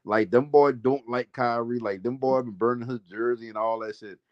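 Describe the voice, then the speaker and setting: A man in a casual sports chat, animated and slangy. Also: mid-range voice, normal speed, no room sound. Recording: dry, dull lo-fi audio.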